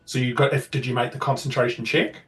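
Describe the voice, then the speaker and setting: A man's voice: medium pitch, flat delivery, fast talker, fairly bright tone, roomy sound. A man narrating as dungeon master of a tabletop game, describing the action loosely with many fillers. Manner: loose, rambling descriptions full of filler words. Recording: somewhat distant mic with faint music.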